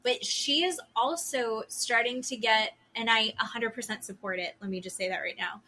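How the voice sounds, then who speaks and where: A woman co-hosting a casual podcast, her voice bright and a little high. She gets heated and rattles off what the cast members said. A faint hiss sits under the recording. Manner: heated, quotes cast members in quick bursts. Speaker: podcast co-host. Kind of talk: casual recap chat.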